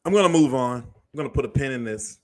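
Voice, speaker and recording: A man's voice: medium pitch, animated, fast, darkish tone. A man hosting a show, delivering a blunt, profane commentary monologue. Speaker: show host.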